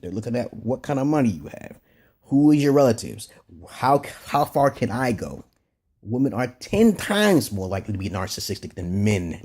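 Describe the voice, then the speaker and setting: A man giving blunt, profane dating advice in a casual vlog monologue, brash and animated. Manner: swings from loud and high to low and muttered. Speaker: self-styled dating advisor.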